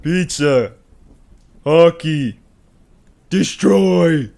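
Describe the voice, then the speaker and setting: A man voicing a dim, hulking, ox-like male brute who speaks loudly and slowly in short bursts. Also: a little high, vocal fry, pitched above the performer's own voice, exaggerated voice. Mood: dim boasting. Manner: loud, slow, grunting.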